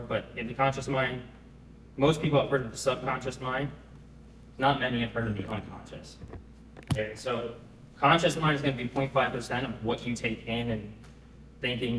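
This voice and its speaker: A man giving a live pitch presentation to an audience, conversational and often checking in with them. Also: a bit bright, slight background noise. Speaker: startup founder pitching. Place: event room. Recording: echoey room, mic at a distance.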